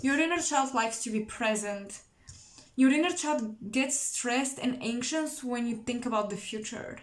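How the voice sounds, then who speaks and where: A woman doing an intuitive tarot reading to camera, musing and searching for words with many pauses. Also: a little high, echoey room. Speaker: tarot reader.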